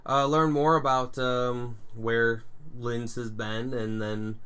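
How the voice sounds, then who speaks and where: A young man co-hosting a podcast, chatting casually and telling animated stories with puns. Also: mid-range voice, slow pace, clear, resonant tone. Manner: animated storyteller, puns, laughs at own jokes. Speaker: podcast co-host. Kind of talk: casual chat.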